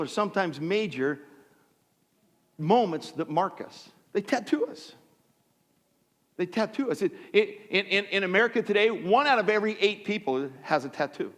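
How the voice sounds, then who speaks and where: Middle-aged pastor, high lively voice, comic self-deprecating sermon storyteller, church with long reverb. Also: male voice. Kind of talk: sermon with personal stories. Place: church sanctuary.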